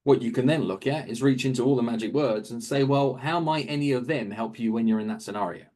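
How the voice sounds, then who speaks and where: Man, coach type, husky timbre, energetic explainer, mid-pitched. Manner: animated, acts out quick asides in other voices. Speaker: real estate coach, guest. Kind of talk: interview answer, coaching talk.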